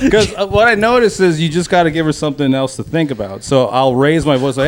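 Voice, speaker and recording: A man's voice: on the high side, moderate pace, pauses often. A man in his thirties co-hosting a podcast, telling rambling stories in casual banter, slipping into put-on voices and laughing along. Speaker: podcast co-host.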